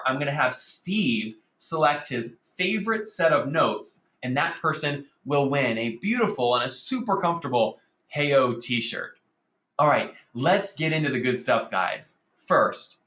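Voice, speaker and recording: A man's voice: mid-range voice, roomy sound, lo-fi sound. Upbeat man hosting a marketing webinar. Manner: energetic, salesy, addresses audience as guys. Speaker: webinar host.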